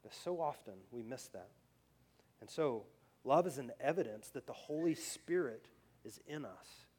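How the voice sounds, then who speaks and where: A pastor preaching a conversational sermon. He often restarts his phrases and grows louder as he drives a point home. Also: medium pitch, expressive, a little slow, slightly rough.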